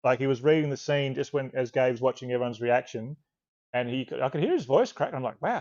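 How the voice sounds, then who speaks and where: A man's voice: medium pitch, fast talker. An Australian man chats loosely and at length, circling back on his own sentences as he tells a story. His voice sits mid-range and comes through a dull, lo-fi call line. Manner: relaxed, rambling storyteller, swears casually. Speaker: author guest. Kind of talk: casual interview chat. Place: video call.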